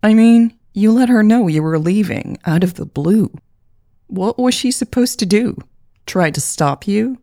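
A woman voicing a frank, caring young woman who teases her sister and presses her gently. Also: medium pitch, expressive, unhurried, no echo, studio quality, voice pushed up. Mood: insistent. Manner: teasing, frank, gently insistent.

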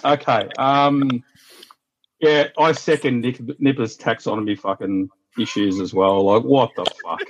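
A man's voice: mid-range voice, steady tone, a little slow, lo-fi sound, slight background noise. An Australian man ranting bluntly and swearing constantly as a guest on a casual podcast call.

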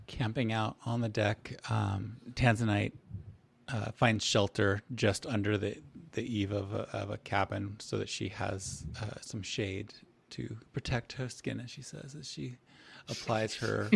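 A man's voice: lowish voice, steady tone, unhurried. A man narrating a tabletop game as game master, hesitant and full of fillers. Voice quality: gravelly. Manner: hesitant, with many fillers and restarts.

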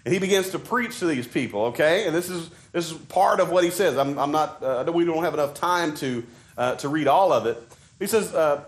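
A man's voice: on the high side, expressive, brisk. A man from Arkansas with a Southern accent, preaching a sermon in a conversational way, full of fillers and restarts.

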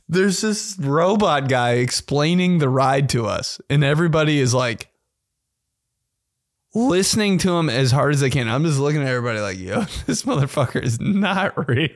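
Lively young man telling stories. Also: on the high side, normal speed, no echo, studio quality. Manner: animated, profane, laughing, slangy. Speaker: podcast host. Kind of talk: casual storytelling monologue.

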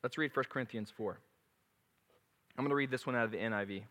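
A man preaching a sermon, reading scripture aloud with animated, dramatic emphasis. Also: mid-range voice, quick pace, in a large hall.

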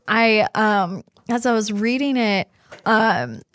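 A woman of middle pitch chats with excitement about a beloved book, her talk full of small fillers and giggles. The recording is close and dry. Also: slow, dry recording. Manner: enthusiastic, giggly, many fillers. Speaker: podcast co-host. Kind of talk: casual book chat.

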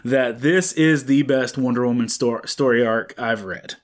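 Guy with a bit of a raspy voice chatting about comics on a podcast, lots of ums and restarts. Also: medium pitch, a little slow. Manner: rambling, many fillers and restarts. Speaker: podcast co-host. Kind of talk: casual comic book chat. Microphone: studio microphone.

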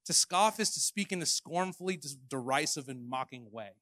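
High-voiced animated preacher man. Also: moderate pace, no room sound, clean studio sound. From Canada. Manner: animated, shifts between loud declarations and hushed asides. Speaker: pastor. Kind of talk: sermon. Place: church hall.

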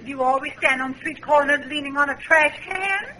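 A woman's voice: high voice, a little fast, very noisy, lightly acted. A woman acting a vain, haughty older lady in a 1940s radio comedy, fluttery and snooty. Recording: live radio broadcast with audience.

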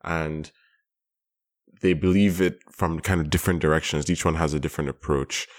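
A man co-hosting a casual chat, thoughtful and rambling, with quick bursts of excitement. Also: a bass voice. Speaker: podcast co-host.

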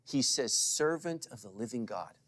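A middle-aged male pastor preaching to a congregation, swinging from loud calls to hushed asides and asking for responses. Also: mid-range voice, lively intonation, moderate pace. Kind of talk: sermon.

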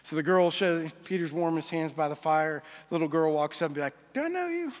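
A man's voice: on the high side, little pitch movement, brisk. A male pastor preaching a sermon in a church hall, conversational and confessional, often asking his listeners questions. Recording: reverberant hall.

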